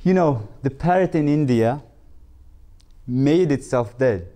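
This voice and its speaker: A caged pet parrot from a spoken fable, begging for news in eager, pleading questions, as a male storyteller puts him on. The voice stays mellow and unhurried, only a touch higher than the teller's own. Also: animated. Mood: calm, grateful.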